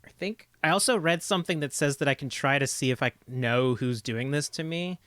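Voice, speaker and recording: A man with a bright, forward voice chats as a player in a tabletop game. He laughs often and feels his way through actions with plenty of fillers, recorded close and dry. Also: on the high side, a little fast, dry recording. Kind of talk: casual tabletop game chat.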